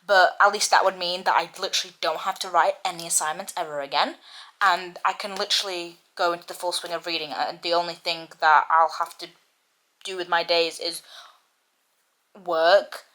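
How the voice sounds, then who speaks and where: A woman's voice: lowish voice, steady tone, normal speed, bright, forceful tone. A young woman, a book vlogger, chatting casually and ranting about what she is reading, with lots of filler words. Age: young adult. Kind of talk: casual chat and reading aloud.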